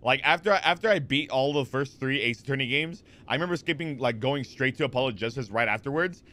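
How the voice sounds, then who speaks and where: A man's voice: mid-range voice, quick pace, sharp tone. A man in his twenties chatting casually on a live stream, rambling with lots of fillers and restarts as he answers chat.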